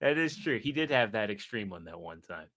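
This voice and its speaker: A man's voice: lowish voice, very animated, a little fast, over a noisy crowd. A man hosting a casual podcast, rambling through a joke and reading out viewer chat. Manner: rambling, joke-telling, reads chat aloud. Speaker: podcast host.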